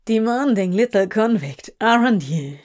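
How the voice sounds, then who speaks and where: A woman voicing a smug, leering male demon in a slow-paced fan-fiction reading, with a teasing, smirking manner. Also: mid-range voice, expressive, a little mellow, close to an everyday voice.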